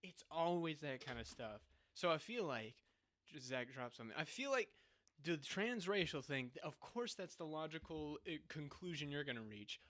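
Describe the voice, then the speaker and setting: A man's voice: a little high, big pitch swings, moderate pace, fairly bright tone, no echo. A young man with a mocking tone, co-hosting a casual podcast chat and laughing often. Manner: mocking, laughs often, breaks into put-on voices. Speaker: podcast co-host.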